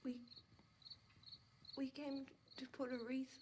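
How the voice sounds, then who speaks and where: A terrified young woman recalls the horror in a breathy, trembling voice. She speaks high and slow. It sounds like a hissy old film soundtrack. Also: completely flat delivery. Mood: dazed. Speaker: actress in a film. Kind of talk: 1960s film acting.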